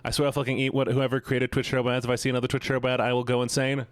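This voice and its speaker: A man's voice: mid-range voice, level tone, racing, clean tone, no room sound. A man streaming live, chatting casually and teasing his chat with playful mock-villain boasts.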